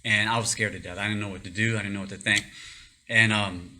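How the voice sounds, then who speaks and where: A man telling a personal story in a casual, animated way, rambling, restarting often and breaking into laughs. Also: lowish voice, quick pace, a little hiss or hum. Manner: rambling with many fillers and restarts.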